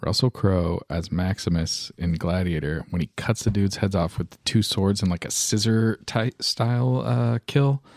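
Low gravelly man chatting. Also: measured pace, few pauses, no echo, clean studio sound. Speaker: podcast co-host. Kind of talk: casual chat.

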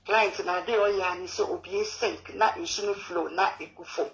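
A woman's voice: on the low side, fairly even intonation, normal speed, slight background noise, low-quality recording. A woman calling in to an advice show, rambling through her story in broken English. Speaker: caller. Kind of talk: phone-in conversation.

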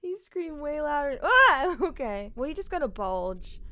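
A woman's voice: high-pitched, sing-song, measured pace. A British woman streaming a game live, rambling, giggling and swearing as she plays. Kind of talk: live gameplay commentary. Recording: loud background music. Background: game music.

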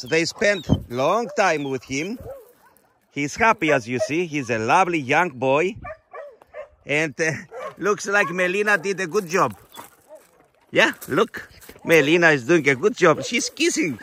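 Middle-aged male shelter founder, bright and forceful voice, halting non-native English. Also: a little high, animated, a little hiss or hum. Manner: fond, coaxing talk to the dogs. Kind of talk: casual vlog narration. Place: animal shelter.

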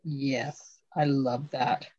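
A woman's voice: a bass voice, level tone, drawn-out words, darkish tone, no echo. Gushing woman host, dull dry sound. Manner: gushing, exclaims over each item. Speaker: crafting host on a live stream. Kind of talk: casual live unboxing chat.

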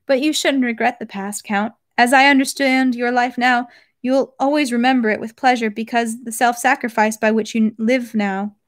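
A woman's voice: fairly high pitch, steady tone, moderate pace, no room sound, studio quality, natural voice. A woman voicing a tender, wounded young princess. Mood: gentle. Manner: emotional, quavering storybook delivery.

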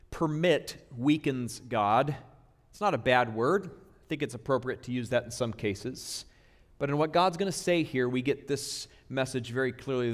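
A male pastor preaching a sermon in a church sanctuary, emphatic and conversational, slowing down to stress key words. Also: mid-range voice, in a large hall.

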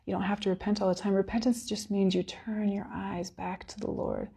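Woman with a husky, gravelly voice for a heartfelt church devotional, earnest and near tears. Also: medium pitch, flat delivery, a little fast, mellow. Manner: earnest, emotional, close to tears. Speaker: worship speaker. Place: church service.

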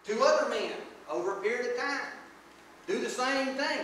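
High-voiced preacher in an echoey hall. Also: male voice, moderate pace, a bit bright, distant mic, a little hiss or hum. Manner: acts out quoted lines in a raised voice, folksy asides. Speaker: pastor. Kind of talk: sermon. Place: church sanctuary. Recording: echoey church hall, speaker away from mic.

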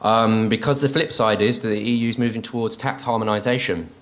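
Low-voiced, hesitant, indignant male speaker. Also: brisk. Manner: hesitant, full of ums, indignant. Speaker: conference speaker. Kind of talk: informal conference speech. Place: conference venue.

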